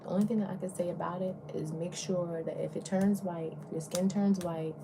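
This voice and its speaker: This is a young woman with a Southern US accent, a beauty influencer wandering from thought to thought in a relaxed get-ready-with-me chat. Her voice sits a little low, and now and then she drops into a soft whisper. A steady hiss of home background noise runs under her speech. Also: brisk, creaky. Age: young adult.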